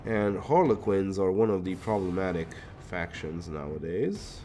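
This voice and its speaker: A man's voice: sits low, measured pace, mellow, soft background music. A Hungarian man chatting casually on a live stream while painting, thinking aloud, muttering to himself and swearing now and then.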